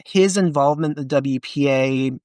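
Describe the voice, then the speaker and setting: Being interviewed casually for a podcast, a man who writes and studies history talks with energy, often starting over and leaning on fillers. His pitch is medium, his speed normal, and there's no echo.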